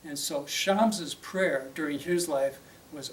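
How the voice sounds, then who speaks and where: A man's voice: on the high side, takes it slowly, recorded from a distance. Brief: male teacher, casual storytelling lecture, roomy hall, faint background noise. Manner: conversational, with fillers and check-ins. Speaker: religious teacher.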